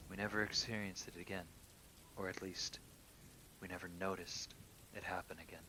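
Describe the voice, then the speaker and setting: A man calmly reading true horror stories aloud, sometimes dropping to a hushed near-whisper. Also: normal speed, noisy background. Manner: calm, low-key reading that drops into hushed near-whispers. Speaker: horror story reader.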